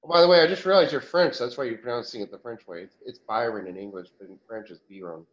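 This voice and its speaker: A man answers questions in a channeling session at an even, middling pitch, rambling through restarts and soft chuckles. The sound is dull and lo-fi, with the top end muffled. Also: fast.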